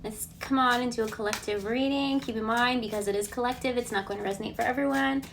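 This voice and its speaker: A woman giving a casual collective tarot reading, relaxed and reassuring. She thinks aloud and often checks in with a questioning "okay?". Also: a little high, fast, slight background noise. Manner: chatty, ends points with a questioning "okay?". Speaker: tarot card reader.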